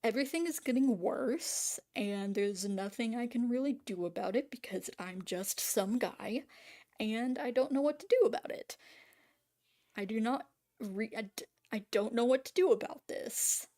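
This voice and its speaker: A woman's voice: a little high, lively intonation, normal speed, dark tone. A woman ranting casually on camera about making art, rambling and swearing, full of restarts and trailing fillers. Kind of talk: casual spoken rant.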